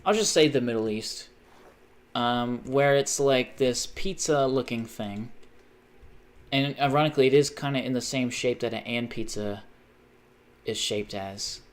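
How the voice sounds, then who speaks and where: A man's voice: medium pitch, measured pace. A man livestreaming a game, chatting casually in a rambling, profane way and jumping between tangents. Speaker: gaming livestreamer. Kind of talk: casual chat while gaming.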